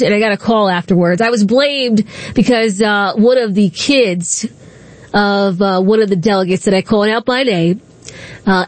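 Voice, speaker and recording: A woman hosts a talk radio show, delivering combative, indignant commentary full of rhetorical questions. Her voice sits fairly high and sounds dry and close to the mic. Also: no echo.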